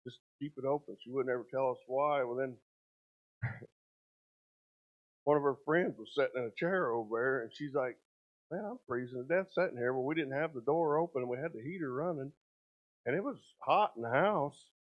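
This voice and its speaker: A father telling his family's story as a church testimony, plain-spoken and halting. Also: medium pitch. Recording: tinny phone-like audio.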